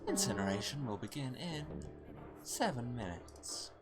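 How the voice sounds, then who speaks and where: A man doing a slow cold countdown announcement. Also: mid-range voice, over music. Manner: slow, flat, quiet.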